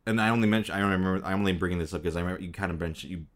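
A man's voice: sits low, racing. A young man hosting a casual interview, rambling and hedging with many fillers. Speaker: interviewer host.

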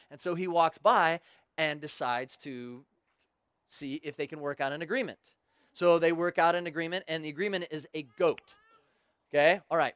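A man's voice: on the high side, a bit bright, clear, resonant tone, no room sound. A man preaching a sermon, retelling stories casually with joking asides to the crowd.

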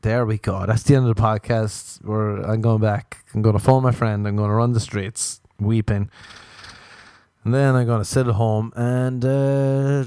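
A man's voice: steady tone, a little slow, warm tone, clear, resonant tone, dry recording. Man, solo comedy podcast host, crude and rambling, dry close sound. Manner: crude, rambling, self-mocking, with sudden high-pitched exclamations.

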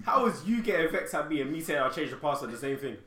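A young man hosting a podcast in a living room, bantering, protesting and quickly apologizing. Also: on the high side, animated, fairly bright tone. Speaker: podcast host. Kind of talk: casual banter. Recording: echoey room.

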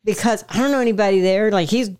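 Female tabletop player; casual chat, halting, filler-heavy. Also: medium pitch, darkish tone, clean tone. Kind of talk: casual tabletop role-play.

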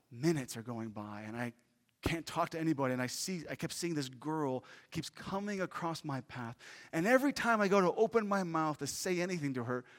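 Male preacher, earnest and animated, a touch high, reverberant sanctuary sound. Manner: earnest, animated storytelling with questions to the congregation. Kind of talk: sermon with personal story. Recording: long reverb of a large hall.

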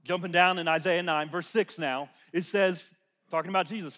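A man preaching a sermon in church. He moves between loud proclaiming and hushed, almost whispered lines, repeats phrases, and leads the congregation in call-and-response. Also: high voice, fairly even intonation, moderate pace, big-room sound.

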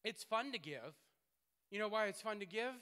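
A man preaching a sermon in a playful, animated way, swinging between loud bursts and hushed asides. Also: high-pitched, moderate pace, smooth.

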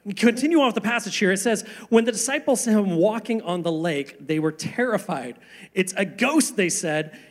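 A man preaching a sermon, earnest, asking rhetorical questions and slowing down for emphasis. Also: high-pitched, a bit bright. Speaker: pastor.

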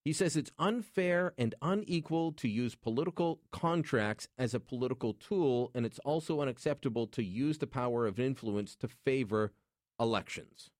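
A man's voice: medium pitch, moderate pace, a little mellow, no echo. A man hosting a call-in radio show, joking and opinionated as he talks into a studio microphone. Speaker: radio talk show host.

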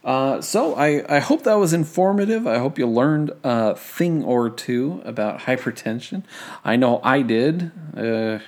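A man's voice: medium pitch, lively intonation, a little slow, darkish tone. A young man hosting a casual study-tips podcast, rambling and self-deprecating, full of fillers and restarts. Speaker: podcast host.

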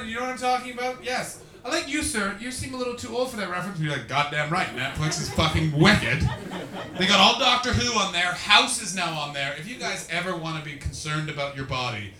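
A young man doing stand-up as a comedian and podcast host, brash and profane, working the crowd with sudden shouted bursts. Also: medium pitch. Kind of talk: live stand-up crowd work. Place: live comedy venue with an audience. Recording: roomy, distant live recording with noise.

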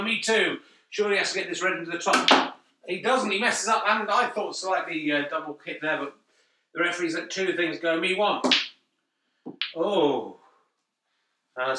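A man giving deadpan, jokey mock snooker commentary. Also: high voice. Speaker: comedian doing mock commentary. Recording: echoey room, mic at a distance.

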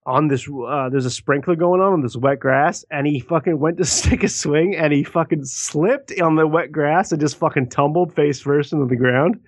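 Animated sweary podcast guy. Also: fairly high pitch, moderate pace, hardly any pauses, no echo. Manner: profane, animated storyteller. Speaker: podcast co-host. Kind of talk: casual chat.

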